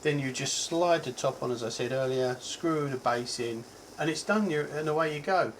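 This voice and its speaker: This Cockney-accented tech reviewer from England talks casually about a product at a moderate pace and medium pitch, rambling with plenty of ums and self-corrections. The audio is poor, with a little hiss or hum.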